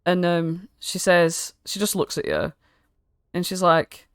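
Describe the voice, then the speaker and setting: Female game master, casual and profane, slightly low voice, dry sound. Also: little pitch movement, unhurried, smooth, no room sound. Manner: casual, swears often, laughs between lines. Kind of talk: narrating a tabletop game.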